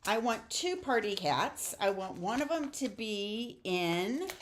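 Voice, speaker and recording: Lady doing a live stamping demo, chatty, lots of um and okay?, middle pitch. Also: very animated, takes it slowly, a little hiss or hum. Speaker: stamping demonstrator.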